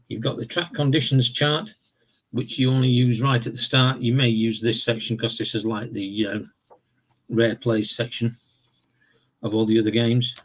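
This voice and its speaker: Husky man explaining a board game. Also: medium pitch. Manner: relaxed, rambling explanations with fillers and self-corrections. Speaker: tabletop game reviewer. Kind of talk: casual tabletop game walkthrough.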